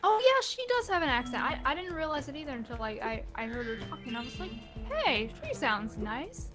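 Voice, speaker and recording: A young woman chatting casually as a guest, easygoing and quick to laugh. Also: high voice, expressive, a bit bright, faint music behind. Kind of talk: casual chat.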